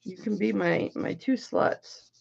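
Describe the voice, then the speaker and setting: Gravelly-voiced woman hosting a jewelry auction. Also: medium pitch, takes it slowly, darkish tone, lo-fi sound. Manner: chatty, bawdy joking while working. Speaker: online jewelry auction host. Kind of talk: casual livestream selling chat.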